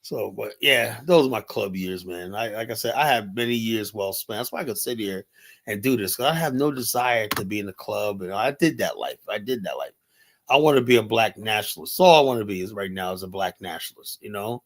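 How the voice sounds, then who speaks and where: A man's voice: fairly low pitch, brisk. A man hosting a streaming show, telling stories in a casual, profane way, laughing often and quoting other people's voices. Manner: laughing, profane, animated retelling with quoted voices. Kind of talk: casual storytelling monologue. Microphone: streaming setup mic.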